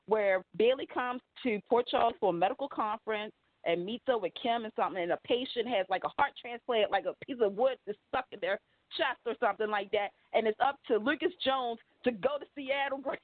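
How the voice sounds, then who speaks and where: A woman's voice: fairly high pitch, fairly quick, no echo. A woman on a soap opera talk show panel, chatting in a rambling, enthusiastic way. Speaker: podcast panelist. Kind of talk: casual chat. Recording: tinny phone line, dry.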